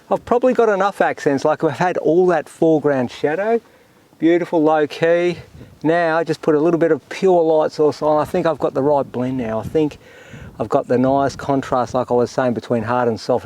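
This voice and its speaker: A man's voice: a little high, normal speed, poor audio. A man, talking through his painting outdoors in an easy, reflective way. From Australia. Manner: relaxed, reflective, talks to himself while painting. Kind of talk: painting demonstration commentary. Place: outdoors in windy open country.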